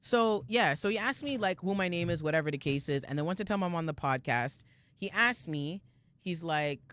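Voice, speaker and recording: A woman's voice: lowish voice, animated, fairly quick, a bit bright. A woman, co-hosting a podcast and telling a story in casual chat, slangy and swearing freely. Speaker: podcast co-host.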